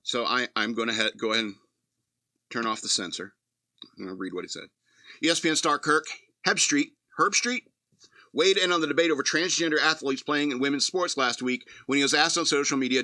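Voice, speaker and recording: A man's voice: mid-range voice, lively intonation, a little fast, pauses often, sharp tone, no echo, clean studio sound. A man hosting a talk radio show, reading news aloud and giving blunt, profane, sardonic commentary. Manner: blunt, sardonic, profane, laughs at his own jokes.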